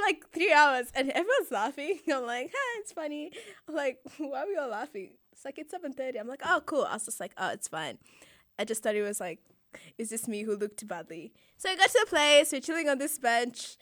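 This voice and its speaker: High-voiced young woman telling a story. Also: moderate pace, no room sound, studio quality. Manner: animated storytelling, laughs often, acts out quoted voices. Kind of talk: casual chat.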